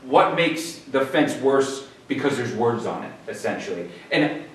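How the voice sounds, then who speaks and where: Man, board member at a public hearing, measured and halting, very echoey room, mic far away. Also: medium pitch, lively intonation, a little hiss or hum. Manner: measured, halting, many restarts. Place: town meeting room.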